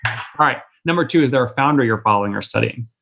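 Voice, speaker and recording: Fast-talking man in his thirties, blunt host. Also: medium pitch, expressive, creaky, bright, forceful tone, a little hiss or hum. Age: 30s. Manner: blunt, direct questioning. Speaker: interview host. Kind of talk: rapid-fire business interview.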